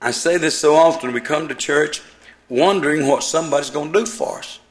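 An older man preaching a Pentecostal-style sermon, fervent and emphatic, stretching out stressed words and climbing to higher-pitched peaks. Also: brisk.

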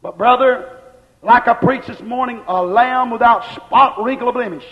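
A man preaching a sermon, slowing down and shouting at the high points. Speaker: pastor. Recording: reverberant church, dull lo-fi sound.

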